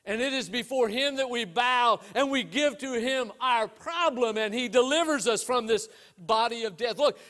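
A man preaching a sermon, telling stories and asking rhetorical questions, swinging between loud emphasis and hushed low lines. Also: moderate pace. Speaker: pastor.

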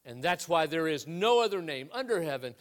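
A man preaching a sermon, telling stories and asking rhetorical questions, swinging between loud emphasis and hushed low lines. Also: big pitch swings, a little fast. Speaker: pastor.

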